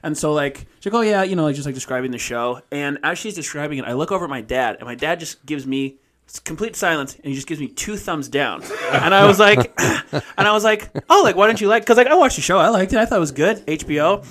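Dude with a pretty high voice, rambling story, swears a lot. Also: male voice, fast talker. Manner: animated storyteller, mimics his dad. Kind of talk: casual chat.

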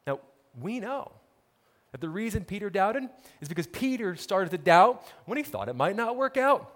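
Pastor guy preaching, emphatic and repetitive, kinda high voice, big echoey church hall. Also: very animated, moderate pace, a bit bright. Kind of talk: sermon.

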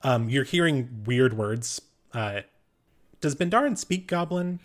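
Man, game master, improvised narration, mid-pitched voice. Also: animated, a little slow.

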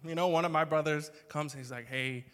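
Animated pastor preaching in a reverberant hall. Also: male voice, on the high side, fast talker. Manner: conversational, joking, swings to loud emphatic bursts. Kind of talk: sermon.

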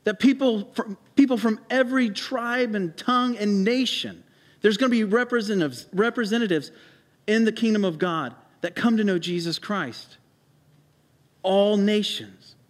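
A pastor giving a sermon, telling a personal story with halting restarts and fillers, then building to emphatic preaching. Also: male voice, sits high. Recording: hall reverb.

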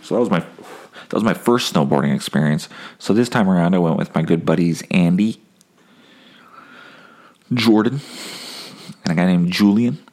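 A man's voice: low voice, moderate pace, pauses often, a little mellow. A man telling a rambling, profane, self-mocking story in a casual monologue as a comedian hosting his own podcast.

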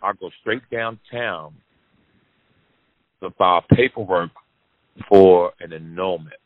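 A man hosting a podcast, telling a long personal story to his audience in a lively, profane way, repeating lines for emphasis. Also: sits low, takes it slowly, dry recording. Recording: dry, phone-like narrow sound.

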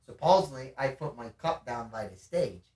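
A man's voice: mid-range voice, normal speed. A man in his twenties telling a wild story in casual podcast chat, swearing freely and laughing as he goes. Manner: animated, profane, laughs through his story. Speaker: podcast guest. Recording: roomy sound from a distant mic.

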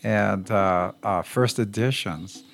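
A man co-hosting a podcast, talking in a hesitant casual way with pauses between phrases. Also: fairly low pitch, creaky. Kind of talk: casual chat.

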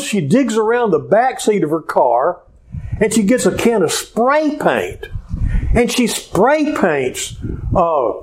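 Pastor guy preaching, lively storytelling voice, kinda high, lots of uh's. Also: slow pace, low-quality recording. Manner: animated storytelling with frequent "uh" fillers. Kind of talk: sermon.

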